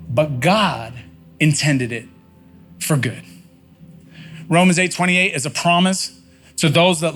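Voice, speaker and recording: A man's voice: a little high, a bit bright. A man preaching a sermon in a conversational, folksy way, often repeating phrases for emphasis. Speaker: pastor. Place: church sanctuary.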